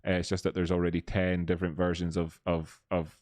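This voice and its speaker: A man's voice: low voice, completely flat delivery, brisk, a little mellow, no echo. A man hosting a live stream, thinking aloud over charts and chat with many fillers. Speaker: live stream host and market analyst.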